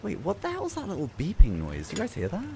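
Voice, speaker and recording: Animated man gaming with friends. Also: on the high side, quick pace, vocal fry, background noise. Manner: lively, laughing, exclaims. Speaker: streamer host. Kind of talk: casual gaming chat.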